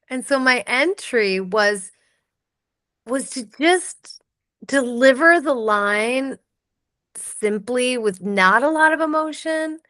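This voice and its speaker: A woman actress being interviewed, telling stories in a peppy, animated way with lots of quoted asides. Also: high voice, no echo, clean studio sound. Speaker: actress and voice actor, guest. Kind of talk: casual interview chat.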